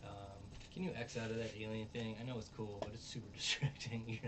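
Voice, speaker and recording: A man's voice: fairly low pitch, steady tone, a little fast, background noise. A man casually recapping a show episode in a rambling way, full of ums and restarts, sometimes acting out what characters say. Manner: rambling, filler-heavy, acts out quotes. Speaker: show reviewer. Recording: voice distant from the mic.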